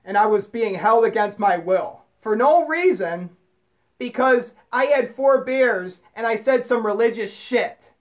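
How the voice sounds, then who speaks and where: A man's voice: sits high, expressive, measured pace. Profane, stammering ranting man. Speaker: vlogger. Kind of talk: angry unscripted monologue.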